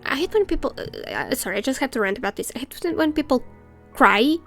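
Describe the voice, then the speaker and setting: Gravelly-voiced woman chatting over a game. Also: sits high, sing-song, very fast, faint music behind. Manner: chatty, ranting, reads game text aloud. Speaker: let's play streamer. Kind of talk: casual game commentary.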